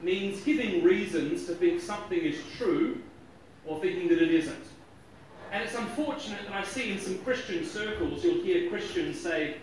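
A man giving a joking, lively talk on logic to a live audience, often chuckling at his own jokes. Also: sits high, moderate pace, a little hiss or hum. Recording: echoey hall, distant mic.

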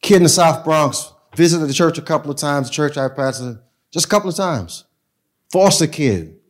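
A man, a pastor telling stories in a casual, animated way that swings between loud and soft. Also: fairly high pitch, normal speed. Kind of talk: storytelling talk.

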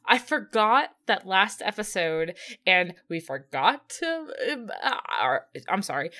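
A woman's voice: medium pitch, sing-song, takes it slowly, bright, forceful tone. A woman co-hosting a casual podcast who laughs often, gushes and stumbles over her words. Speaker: podcast co-host. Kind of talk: casual chat, episode recap.

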